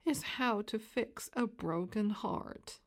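A woman's voice: fairly high pitch, takes it slowly. Arthur, a woman doing an earnest young boy. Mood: glum. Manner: earnest, eager at first then glum.

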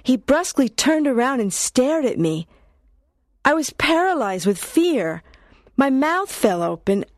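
A woman narrating a story in the first person in a clear, expressive storytelling manner. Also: sits high, no room sound, studio quality. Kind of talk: audiobook narration.

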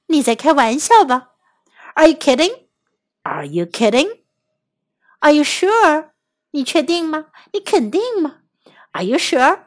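A woman with a high, lively voice leads a children's language lesson. She speaks slowly and repeats every phrase several times so young learners can follow. Her delivery is patient and clear. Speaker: children's English teacher.

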